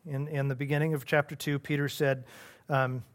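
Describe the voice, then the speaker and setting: Man, pastor, Bible study teaching, earnest, halting, fairly high voice. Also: little pitch movement. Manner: earnest, halting, full of restarts and repeats.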